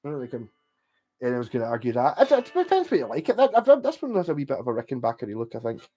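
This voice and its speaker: Male streamer, mid pitch, loose sweary rambling chat. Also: huge pitch swings, fast, warm tone. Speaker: livestream host. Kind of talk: casual livestream chat.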